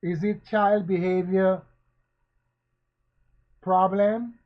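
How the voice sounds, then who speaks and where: A man giving spoken commentary, asking questions again and again and preaching in a slow, emphatic way. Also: high voice, fairly even intonation. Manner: rhetorical, repetitive questioning. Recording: dull lo-fi recording.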